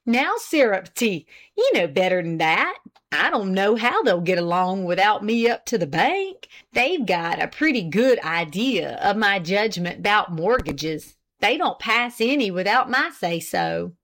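A woman's voice: mid-range voice, big pitch swings, measured pace, a bit bright. A woman voicing a self-important older country husband who boasts in a rustic dialect. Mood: indignant.

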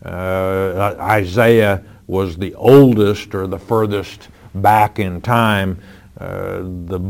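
Man, low voice, slow unhurried delivery, radio Bible Q&A host, firm and matter-of-fact, cites scripture, frequent fillers. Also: clean tone. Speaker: Bible teacher answering listener questions. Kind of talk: radio Bible Q&A, reading questions and answering.

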